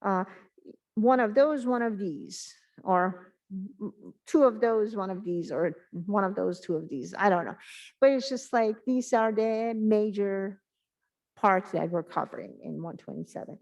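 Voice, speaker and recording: A woman giving a math exam review in an online class, talking in a halting way and thinking aloud with many pauses and fillers. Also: mid-range voice, darkish tone, low-quality recording. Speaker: math instructor.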